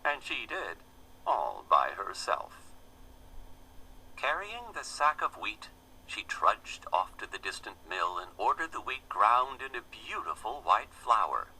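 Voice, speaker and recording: A man reads a children's fable slowly and expressively, his pitch rising and falling with great animation. His voice is bright and crisp, with a faint hiss behind it. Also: rough recording. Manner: gentle, expressive storybook reading. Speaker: storyteller. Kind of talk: reading a children's fable aloud.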